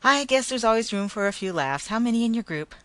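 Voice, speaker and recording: A woman reading a story, voicing a brusque, blustering male parade manager who talks loudly and hostilely. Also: on the high side, expressive, fast talker, pitched above the performer's own voice. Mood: jovial. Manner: blustering, loud, hostile then jovial.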